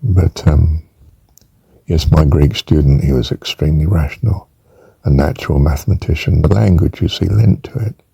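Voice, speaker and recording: An older man with a very deep, dark, slightly rough voice and vocal fry teaches an informal spelling lesson. He rambles and muses aloud, stretching out words as he says them and tossing in chuckling asides, and there's no echo.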